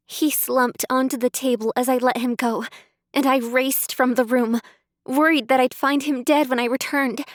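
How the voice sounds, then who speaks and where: A woman narrating a first-person audiobook in a measured way, close to the mic. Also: high voice, no room sound.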